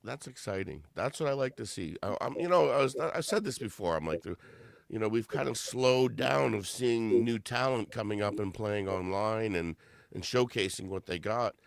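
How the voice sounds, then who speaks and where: A man's voice: lowish voice, animated, moderate pace, vocal fry, no room sound, studio quality. A man hosting a live music stream, singing blues and rock covers over guitar, then chatting loosely with a guest. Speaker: host.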